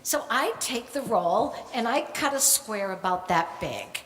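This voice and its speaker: An older woman tells a true family story from a stage, slowly and deliberately, her voice sitting a little high. She brings the people in her story to life by acting out their voices. The sound carries a long hall reverb with faint room ambience behind it. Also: expressive, a bit bright, a little hiss or hum.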